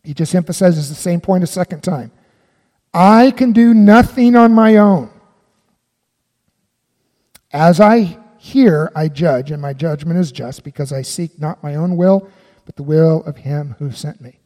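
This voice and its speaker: A male pastor preaching with a high, mellow voice. He stresses his points hard and keeps putting questions to the congregation, and the sound rings out in a long hall reverb. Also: normal speed. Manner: emphatic, asks the listeners questions. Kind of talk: sermon.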